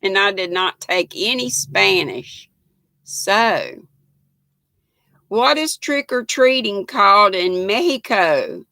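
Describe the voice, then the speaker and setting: A woman's voice: medium pitch, big pitch swings, slow pace, creaky, sharp tone, no echo. An older woman with a Southern US accent hosting a casual live stream, chatting folksily and greeting viewers by name as she answers their comments. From North Carolina.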